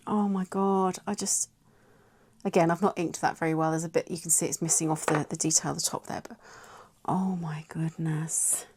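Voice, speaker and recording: A middle-aged woman with an English accent, chatting excitably in a casual vlog. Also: low-pitched, fairly quick. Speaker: vlogger.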